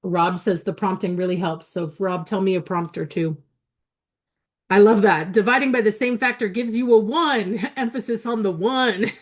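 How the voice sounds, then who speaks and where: A woman hosts a live math webinar through a computer mic, talking in a mid-range voice at a moderate pace. She's chatty and enthusiastic, full of fillers, and laughs while reading the chat aloud.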